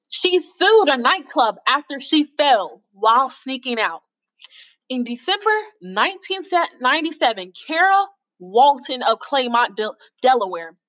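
Woman, host, casual reading and commentary, mocking, exasperated, high voice, bright tone. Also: poor audio. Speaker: host reading out lawsuit stories.

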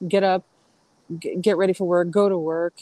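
Middle-aged woman rambling thru family stories on a podcast, kinda low voice, dry sound. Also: steady tone, moderate pace, warm tone, no room sound, poor audio. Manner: rambling storyteller, many restarts and fillers. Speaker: guest. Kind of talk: casual podcast conversation.

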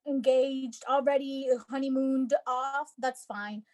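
A woman's voice: high voice, steady tone, takes it slowly, a little mellow. A woman co-hosting a podcast in casual chat, blunt and emphatic, swearing freely. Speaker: podcast co-host.

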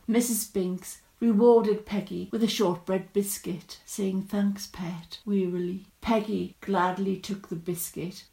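A woman reading a story aloud in a measured, descriptive storytelling manner. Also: mid-range voice, vocal fry, darkish tone.

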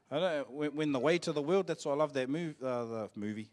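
Playful New Zealand pastor preaching live. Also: male voice, fairly high pitch, fairly quick, hardly any pauses, darkish tone. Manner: playful, jokey, rallying the congregation. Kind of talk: live sermon with personal storytelling. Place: church service.

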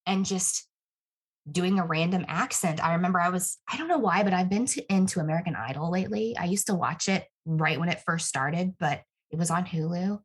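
A young woman chatting casually, bubbly and quick to laugh. Her voice sits a little low and has a husky, breathy edge. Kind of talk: casual chat.

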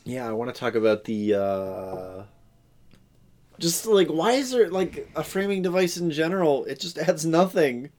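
A man's voice: fairly high pitch, animated, a little slow, darkish tone. A man co-hosting a podcast, chatting casually about a film with sarcastic, mock-dramatic asides. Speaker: podcast co-host. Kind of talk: casual movie review chat.

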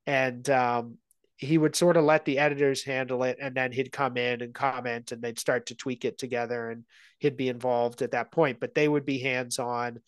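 A man's voice: mid-range voice, level tone, moderate pace, no echo. A man talking at length in a casual interview as a guest film analyst, thoughtful and a little rambling. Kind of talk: casual conversation.

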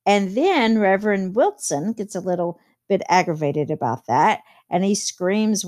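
A woman's voice: mid-range voice, lively intonation, a little slow, few pauses, darkish tone. Woman teacher explaining a novel chapter. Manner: reads quotes aloud with plain commentary.

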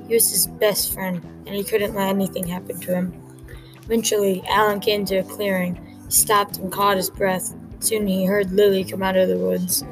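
A woman reads a story aloud in a quick, plain way, moving briskly from line to line. Her voice sits at a middling pitch. Music plays clearly underneath the whole time. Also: rough recording. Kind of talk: reading an original story aloud.

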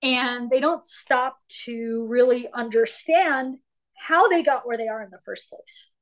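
A woman guest on a podcast, explaining business ideas in a casual, animated way, acting out little quotes and asking "right?" often. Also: on the high side, a little slow, rough recording. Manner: animated storytelling with acted-out quotes; folksy, says "right?" often. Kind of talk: conversational explaining.

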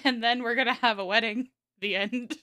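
A woman's voice: fairly high pitch, fairly even intonation, a little fast, sharp tone, no echo. A woman co-hosting a podcast in casual chat, jokey and sarcastic with frequent giggles. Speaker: podcast co-host.

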